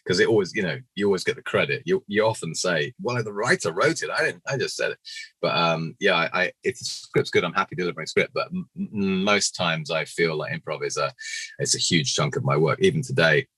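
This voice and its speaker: Middle-aged British man, low and husky, a chatty, animated storyteller. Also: brisk, no echo, poor audio. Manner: chatty, animated storytelling with lively acted quotes. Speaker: puppeteer guest. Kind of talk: casual podcast interview.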